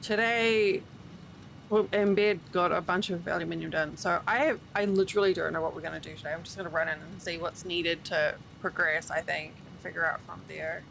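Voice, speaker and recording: A woman's voice: fairly low pitch, fairly even intonation, fairly quick, gravelly, fairly bright tone, a little hiss or hum. A tired woman streaming a game, rambling casually to chat as she yawns. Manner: rambling, chatty, yawning.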